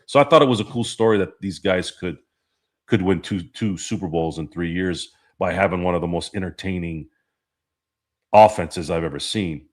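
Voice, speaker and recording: A man's voice: sits low, normal speed. A man hosting a casual sports talk stream, rambling, swearing and laughing as he reads the chat. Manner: rambling, profane, laughs often. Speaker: podcast host.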